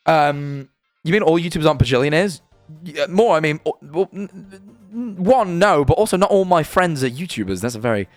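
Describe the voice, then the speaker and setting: British man, young adult, streamer, rambling, sweary, fairly high voice, dry mic, soft background music. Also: no echo. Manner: rambling, swearing, emphatic, lots of "right?". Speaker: streamer reacting to videos and chat. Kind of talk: casual live-stream chat.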